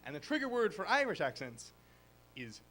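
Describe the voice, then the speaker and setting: A man's voice: sits high, sing-song, moderate pace, very noisy. A man from Boston doing a rambling, self-deprecating stand-up set at a live open mic, laughing at his own jokes. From Boston, Massachusetts. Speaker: stand-up comedian.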